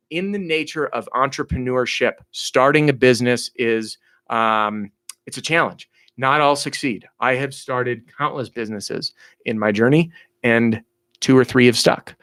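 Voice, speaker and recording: An energetic man in his thirties coaches salespeople live, blunt and motivational. His voice sits in a middle pitch and sounds dry and close, with no room around it. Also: smooth, no echo. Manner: energetic, blunt, motivational, acts out quoted dialogue. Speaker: sales trainer hosting a live Q&A.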